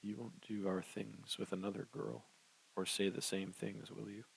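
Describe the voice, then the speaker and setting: एक आदमी किताब पढ़ते हुए एक मरती हुई युवा औरत की नरम, कमज़ोर आवाज़ निभा रहा है।. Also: male voice, fairly low pitch, flat delivery, normal speed, creaky, slight background noise, low-quality recording. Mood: weak, tender. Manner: soft, weak, tender. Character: dying young woman, gentle and brave. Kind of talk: audiobook reading.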